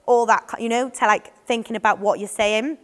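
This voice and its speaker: A woman's voice: on the high side, fairly even intonation, brisk. Chatty woman in echoey hall. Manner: chatty, many ums and restarts, acts out what children and adults say. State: voice a bit off today. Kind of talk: informal training talk. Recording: long hall reverb.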